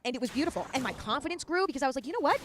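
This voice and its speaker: A woman hosting a podcast, giving casual advice in a fast, emphatic and chatty way. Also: sits high, lively intonation, background noise. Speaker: podcast host. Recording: loud music under the voice. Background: loud music.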